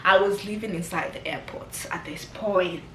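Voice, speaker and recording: A young British woman, telling a storytime vlog in an animated, slangy, swearing manner. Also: fairly low pitch, moderate pace, a little hiss or hum. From Britain. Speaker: vlogger. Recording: roomy echo.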